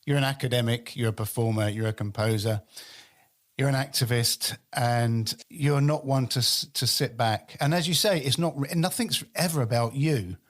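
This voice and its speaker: A man's voice: medium pitch, moderate pace. A man hosting a podcast interview, affirming his guest in conversation. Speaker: podcast host.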